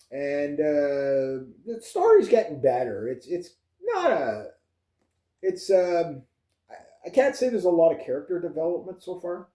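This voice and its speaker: A man's voice: on the high side, warm tone. A man vlogging in a loose casual chat, rambling with lots of fillers and restarts. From Canada. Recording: echoey room.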